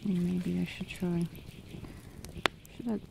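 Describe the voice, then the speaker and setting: Cooking over a winter fire, a woman from Sweden talks casually to her vlog viewers outdoors, with a Swedish accent and lots of exclamations. She speaks slowly in a lowish, gravelly voice with little pitch movement, over a noisy background.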